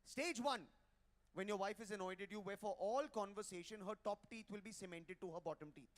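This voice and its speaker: A man's voice: high voice, brisk. A man doing live stand-up, brash and teasing as he works the crowd on a handheld mic at a hotel ballroom event. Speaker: stand-up comedian.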